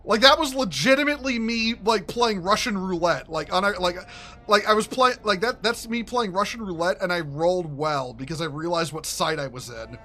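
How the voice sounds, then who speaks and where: A man giving casual, rambling commentary while playing a game, excitable and swearing, often restarting his sentences. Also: sits high, normal speed. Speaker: gaming streamer.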